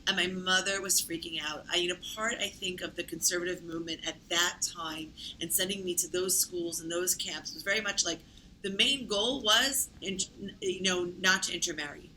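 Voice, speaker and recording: A woman's voice: lowish voice, brisk, pushed and bright, a little hiss or hum, poor audio. A woman telling her own story in conversation, chatty, with many fillers and self-corrections. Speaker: interview guest.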